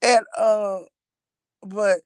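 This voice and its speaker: A middle-aged woman from Texas chats with her viewers in a loose, animated storytelling way, laughing often. Her voice sits at an ordinary pitch, and the recording is close and dry with no room sound. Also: very slow, clean tone, no echo. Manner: chatty and animated, laughing often, uses Southern US slang. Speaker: mother talking about her son's new job.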